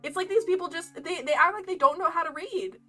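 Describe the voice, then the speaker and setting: A young woman telling a casual story while streaming, animated and rambling, laughing often. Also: very high voice, fast. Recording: lo-fi game music behind.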